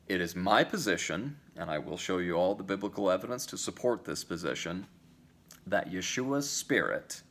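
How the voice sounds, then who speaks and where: A man's voice: fairly low pitch, a bit bright. A man giving a recorded Bible teaching, emphatic, drawing out phrases and stressing words suddenly. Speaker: teacher of a Bible study series.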